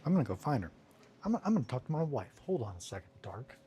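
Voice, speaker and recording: A man's voice: mid-range voice, very animated, fast, mellow, a little hiss or hum. A man chatting casually and rambling with viewers from his home studio, self-mocking and swearing now and then. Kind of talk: casual chat.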